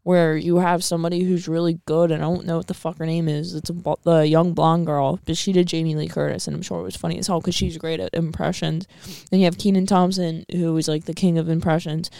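A woman's voice: sits low, flat delivery, fast, gravelly, few pauses, warm tone, dry recording, studio quality. A woman co-hosting a podcast, talking in a casual, sarcastic and argumentative way, with some swearing. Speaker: podcast co-host. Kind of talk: casual chat.

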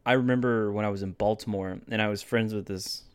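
A man's voice: fairly even intonation, quick pace, clear, resonant tone, no room sound. Young man, casual chat, rambling, acts out quoted voices. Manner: rambling, swears, acts out quotes with big pitch jumps.

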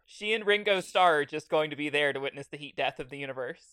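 A woman co-hosting a comedy podcast, giggly and rambling, going off on quick tangents. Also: deep voice, fairly bright tone, smooth, dry recording. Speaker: podcast co-host. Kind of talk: casual comedic chat.

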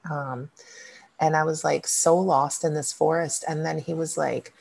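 A woman's voice: deep voice, steady tone, unhurried, vocal fry, a little mellow. A woman co-hosting a podcast, telling personal stories in a rambling casual way with many fillers. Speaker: podcast co-host and coach. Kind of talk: casual chat.

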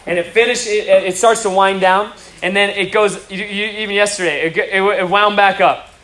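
Energetic preacher man in echoey hall. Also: high voice, moderate pace. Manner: energetic storytelling with acted quotes. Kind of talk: sermon storytelling. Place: large hall with audience. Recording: roomy hall from a distance, crowd.

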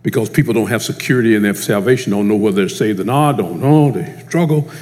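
A man preaching a teaching sermon, emphatic and animated, swinging from loud emphasis to a hushed prayer. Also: on the low side, fast, big-room sound.

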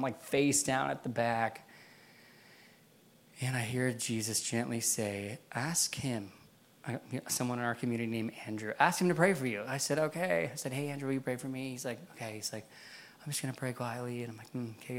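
A man's voice: mid-range voice, fairly even intonation, a little fast. A man preaching a sermon in a church, telling a personal story in a casual way, with many fillers and frequent laughs. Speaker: pastor.

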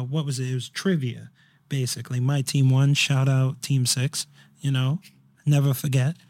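Young guy rambling thru a story, lots of likes and ums, kinda higher voice. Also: a little mellow. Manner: rambling, filler-heavy storytelling. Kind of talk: casual chat.

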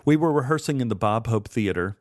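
A man in his sixties narrating his memoir in a wry, measured storytelling manner. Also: mid-range voice, expressive, darkish tone, no room sound, studio quality.

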